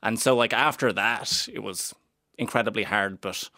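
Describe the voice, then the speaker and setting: A young man from Cavan, Ireland, a stand-up comedian appearing as a guest, speaks in a radio interview with dry, self-mocking humour. His lowish voice moves at a moderate pace, pushed and bright, and his stammer repeats sounds. There is no room sound.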